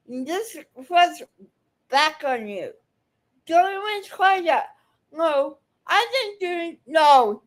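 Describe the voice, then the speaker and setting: A woman giving angry, profane reaction commentary, scolding the people in a video. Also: sits high.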